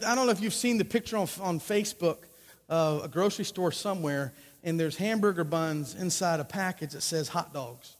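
A man's voice: high voice, fairly quick, big-room sound. A man preaching a sermon, telling a joking personal story between scripture readings. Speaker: pastor.

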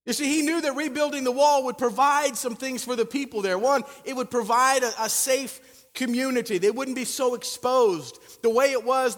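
A man preaching a sermon, telling the story in an animated way and building up emphasis. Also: very high-pitched, normal speed. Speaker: pastor. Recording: long reverb of a large hall.

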